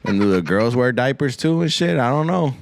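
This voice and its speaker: A man's voice: mid-range voice, expressive, a little fast, vocal fry, a little hiss or hum. A man hosting a podcast, rambling through a crude comic monologue full of swearing and Spanish slang, often repeating himself. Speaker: podcast host.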